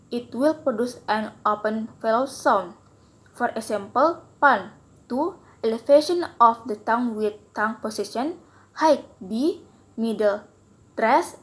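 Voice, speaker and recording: Young woman student, slightly high voice, slow deliberate read-aloud presentation. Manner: careful, deliberate reading with pauses.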